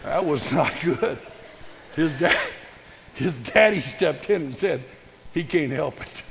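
Older pastor telling folksy, self-mocking sermon stories, gravelly voice in a big reverberant hall. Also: male voice, fairly high pitch, expressive, slow, noisy background.

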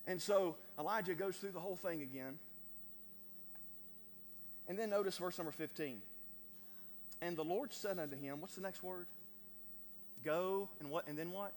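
A man preaching a sermon to a congregation, stammering over repeated words and building to loud emphatic peaks. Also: sits high, normal speed, pauses often. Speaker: pastor. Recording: long hall reverb.

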